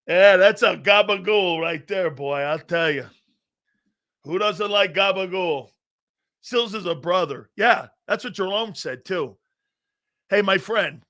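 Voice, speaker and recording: Male sports talk host, a bit high-pitched, boisterous and laugh-prone, loose storytelling delivery. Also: a bit bright. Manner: boisterous, laughs often, tells anecdotes. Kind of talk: live sports talk show chat.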